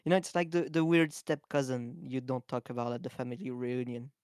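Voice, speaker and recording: A man's voice: medium pitch, level tone, brisk, darkish tone, clear, resonant tone, dry recording, clean studio sound. A man from France with a French accent, a guest in a casual chat, teasing and laughing often.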